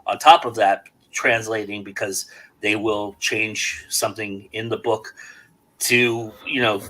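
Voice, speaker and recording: A man hosting a casual round-table podcast, talking in an animated, rambling way with many fillers. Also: on the low side, measured pace, low-quality recording. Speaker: podcast host.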